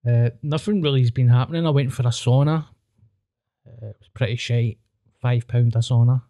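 A man's voice: mid-range voice, moderate pace, dark tone, no echo. A Scottish man chatting casually as a podcast guest, blunt and full of swearing. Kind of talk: casual chat.

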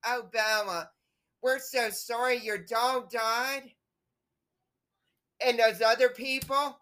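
A woman's voice: medium pitch, sharp tone. A young woman, hosting her own show, delivering a bitter, profane and repetitive rant to her viewers. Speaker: host of a home-made show.

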